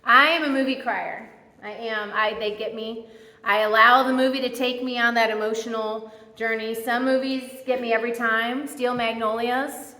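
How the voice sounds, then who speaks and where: A woman giving a church sermon who tells personal stories in an animated, chatty, self-mocking way. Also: a little high, moderate pace. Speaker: guest speaker at church. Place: church sanctuary. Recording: echoey church hall reverb.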